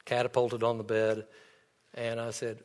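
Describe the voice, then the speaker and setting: A man's voice: medium pitch, completely flat delivery, measured pace, a little mellow. A man preaching a sermon as pastor, earnest and storytelling, speaking in a church sanctuary. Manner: earnest, storytelling with quoted dialogue. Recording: long hall reverb.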